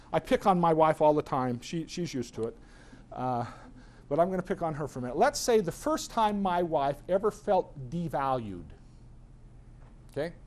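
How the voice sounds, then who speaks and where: A middle-aged man speaks to a live audience in a personal-growth seminar. His voice sits a little high and swings widely in pitch as he tells stories and acts out other people. He sounds like an energetic, expressive lecturer. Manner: animated storyteller who acts out voices.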